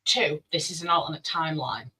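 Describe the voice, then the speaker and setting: A man's voice: fairly high pitch, fairly quick, bright, forceful tone, breathy edge, low-quality recording. A man in a casual podcast chat who sets out his argument point by point. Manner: argues in numbered points.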